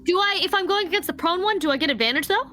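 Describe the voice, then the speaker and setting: Bright-voiced excited woman player. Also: very high-pitched, rapid-fire, soft background music. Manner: excited, swearing. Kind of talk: casual game chat.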